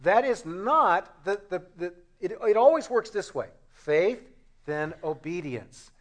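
High-voiced preacher, animated and rhetorical. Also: male voice, slow pace. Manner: animated, rhetorical, role-plays dialogue. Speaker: pastor. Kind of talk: sermon.

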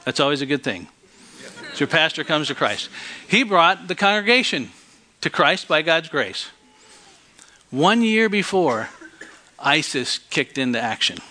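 A man preaching a sermon, telling a story and swinging from hushed tones to loud outbursts. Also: on the high side.

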